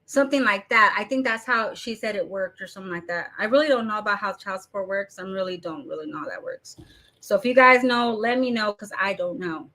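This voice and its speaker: A woman's voice: medium pitch, lively intonation, fairly quick, bright, forceful tone. A woman hosting a commentary channel, ranting bluntly in casual talk, swearing and mocking the people she quotes. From Arizona.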